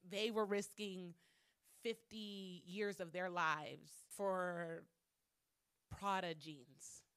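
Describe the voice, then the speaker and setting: A woman's voice: lowish voice, fairly bright tone, clear, resonant tone. A woman hosting a solo podcast monologue, talking candidly with frequent swearing and repeating lines for emphasis. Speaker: podcast host.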